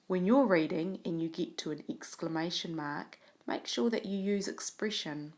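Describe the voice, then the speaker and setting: A woman teaching a reading lesson, speaking clearly and patiently as she models reading a story aloud. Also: on the low side, normal speed, hardly any pauses, darkish tone. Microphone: tablet microphone.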